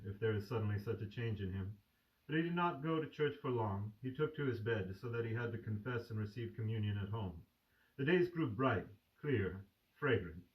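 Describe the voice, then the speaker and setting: A man reading a classic novel aloud as a storyteller, slow and full of feeling. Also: medium pitch, muffled recording. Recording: distant mic.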